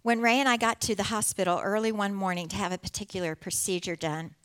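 A middle-aged woman speaks to a church congregation, telling her own story in an earnest, heartfelt way. Her voice sits at an ordinary pitch for a woman, and light laughter slips into her telling. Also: steady tone, fast talker, fairly bright tone, clear, resonant tone. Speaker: church speaker sharing testimony. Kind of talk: personal testimony to a congregation.

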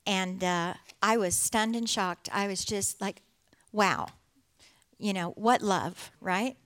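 A middle-aged woman speaks to a church congregation, telling her own story in an earnest, heartfelt way. Her voice sits at an ordinary pitch for a woman, and light laughter slips into her telling. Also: steady tone, measured pace, fairly bright tone. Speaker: church speaker sharing testimony. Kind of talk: personal testimony to a congregation.

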